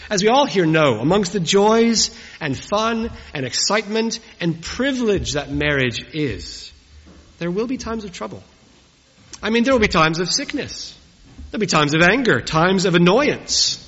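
A man's voice: fairly high pitch, slightly rough. A man in his forties preaching a humorous wedding sermon in a church. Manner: warm, humorous, storytelling delivery. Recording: dull recording with long church reverb.

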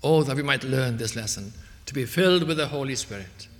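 A man preaching a sermon earnestly, swelling to emphatic peaks and then dropping soft. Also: mid-range voice, lively intonation, brisk, big-room sound.

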